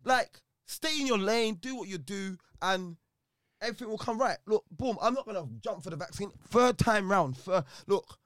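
A man's voice: high-pitched, normal speed, dry recording. A young man, arguing his point in a casual chat, full of slang and interruptions. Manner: animated, argumentative, slang-heavy.

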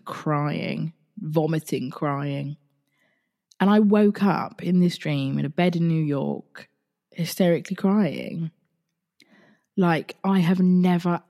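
A woman talks through her own podcast in a loose, candid way. She swears freely and often restarts her sentences. Her voice has a gravelly, creaky texture. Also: deep voice, a little mellow. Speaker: podcast host. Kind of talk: casual solo podcast talk.

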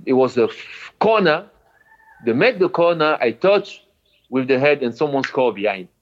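A man, a former footballer, recounting his memories in an interview in halting non-native English. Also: medium pitch, sing-song. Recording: dull lo-fi sound.

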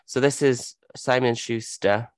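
A man co-hosting a podcast in casual, excitable chat and swearing freely. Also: medium pitch, a little slow, crowd noise. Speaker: podcast co-host.

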